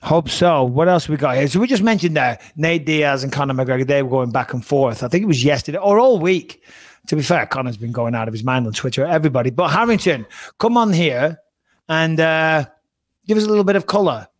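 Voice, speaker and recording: A man hosting a casual podcast, talking loosely and swearing as he goes. His voice runs a bit high for a man, and the recording is close and dry. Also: expressive, a little fast, no echo. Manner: chatty, swearing, self-correcting. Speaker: podcast host. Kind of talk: casual chat.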